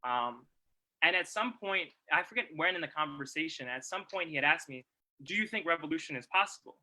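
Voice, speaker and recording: A young man giving a reflective presentation, talking in a halting, thoughtful way with many pauses and restarts. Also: on the high side, lively intonation, pushed and bright, low-quality recording. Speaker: presenter at a livestreamed celebration.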